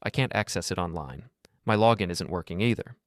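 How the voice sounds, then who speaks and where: A man voicing a panicked, demanding grown woman with an urgent, rising, higher delivery. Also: animated, fairly quick, dry recording, clean studio sound.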